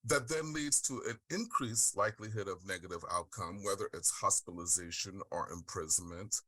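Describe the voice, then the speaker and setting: A middle-aged man from the Deep South, speaking on a webinar panel and sharing his personal story in an earnest, heartfelt way. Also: normal speed, bright, forceful tone, dry recording. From Deep South of the United States. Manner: earnest, heartfelt, with frequent "um" and "right?". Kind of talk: personal testimony and presentation. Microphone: video call.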